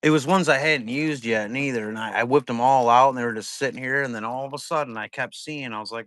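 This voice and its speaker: During a casual livestream, a man selling trading card breaks rambles in a loose, laid-back way with lots of cursing. His mid-range voice is bright and forward, fast, and barely pauses. The sound is dry and close, with hardly any room around it and no echo.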